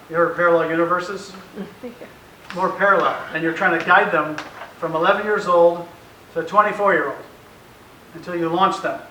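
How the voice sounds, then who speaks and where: This is a middle-aged man whose voice runs on the high side, pushed and bright. In front of an audience of parents in a meeting room, he gives an informal talk full of anecdotes, playing out family conversations and chuckling a lot. Captured from a distant mic, the audio is echoey with a faint hiss.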